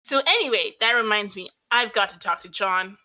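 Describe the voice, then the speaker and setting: A woman's voice: mid-range voice, expressive, normal speed, bright, forceful tone, low-quality recording. A woman reading the lines of a cheerful, bubbly teenage girl during a comic read-through with friends. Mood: chipper. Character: cheerful dreamy teen girl Jade.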